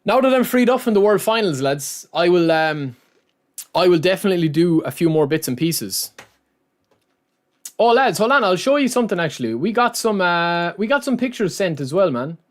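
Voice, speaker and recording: A man's voice: sits high, very animated, normal speed. A man live-streaming, chatting casually to his viewers and often calling them lads and man.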